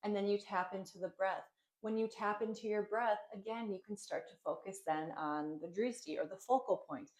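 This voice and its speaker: A woman's voice: medium pitch, normal speed, a little mellow. Chatty woman yoga teacher. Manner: chatty, with many ums and likes, laughing lightly. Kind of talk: casual spoken yoga class instruction.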